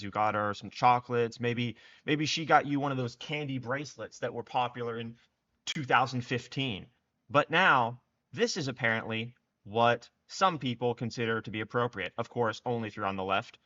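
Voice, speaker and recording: Sarcastic man in bright lo-fi commentary. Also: mid-range voice, normal speed. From United States. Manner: sarcastic, scornful. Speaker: political commentator. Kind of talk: mocking political commentary. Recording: dull lo-fi recording.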